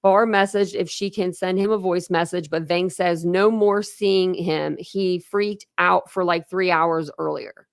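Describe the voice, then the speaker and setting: A woman's voice: fairly low pitch, fairly even intonation, a little slow, few pauses, dry recording, clean studio sound. Upset woman reading case files live. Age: adult with a young son. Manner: conversational, full of "like" and restarts, openly upset. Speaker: true crime channel host. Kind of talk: live-stream reading of court documents with commentary.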